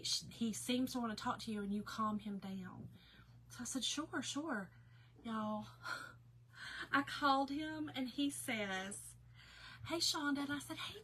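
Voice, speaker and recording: Woman, casual chatty vlog talk, emotional, bright higher voice. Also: poor audio. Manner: chatty and emotional, addressing viewers as y'all. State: tearful at times. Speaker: craft seller and storyteller. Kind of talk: casual chat to viewers.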